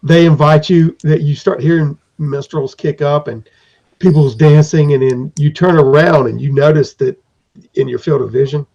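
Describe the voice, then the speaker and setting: Gravelly-voiced man narrating as game master. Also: on the high side, fairly even intonation, normal speed, mellow. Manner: rambling, with many fillers and restarts. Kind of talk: improvised tabletop game narration. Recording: dull lo-fi recording.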